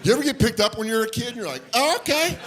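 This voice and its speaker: A man performs stand-up at a comedy club, animatedly telling a story and voicing its characters. He speaks rapid-fire in a high voice over music, and the live club recording carries audience noise and laughter.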